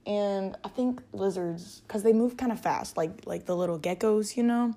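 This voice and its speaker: A woman's voice: medium pitch, moderate pace, dark tone. Giggly rambling woman podcaster. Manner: rambling and giggly, full of filler words. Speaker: podcast host. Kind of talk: casual solo chat.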